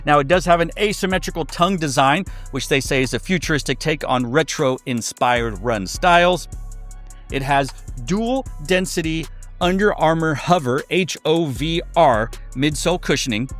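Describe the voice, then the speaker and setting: A man's voice: a little high, animated, normal speed, a bit bright, soft background music. A man giving a casual sneaker review, chatty and loose, with many fillers and restarts.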